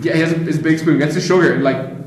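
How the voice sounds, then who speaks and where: Rambling young Irish podcast host. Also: male voice, a little high, fast, echoey room, rough recording. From Ireland. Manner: rambling, laughing, swears a lot, restarts often. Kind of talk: casual chat.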